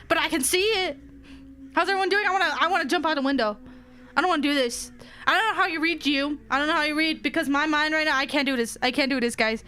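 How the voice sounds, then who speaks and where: A woman streamer reading a horror story aloud, hushing for the narration and breaking into frightened shrieks, swearing and nervous laughter. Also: high-pitched, fast talker. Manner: animated and dramatic.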